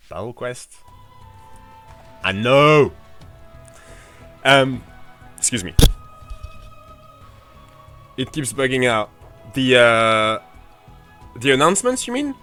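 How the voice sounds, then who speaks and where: A man's voice: mid-range voice, a bit bright. Chatty swearing male game streamer. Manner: chatty, rambling, swears freely, answers chat. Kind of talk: casual livestream commentary.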